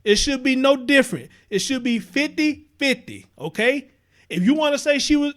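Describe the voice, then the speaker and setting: A man's voice: extremely high pitch, a bit bright. A man hosting a live-stream commentary show, talking passionately and profanely and repeating himself as he reacts to viewer comments.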